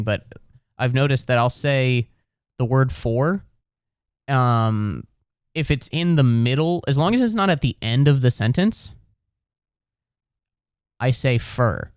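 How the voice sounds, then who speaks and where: A man's voice: medium pitch, a little mellow, clean tone, no room sound, studio quality. A man from Ohio, hosting a solo comedy podcast in a rambling, profane rant full of restarts. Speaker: podcast host.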